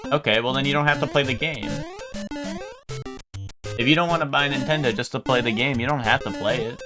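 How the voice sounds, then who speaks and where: A man's voice: mid-range voice, brisk, over music. A young man chatting casually with his viewers during a live game stream, joking and riffing on chat.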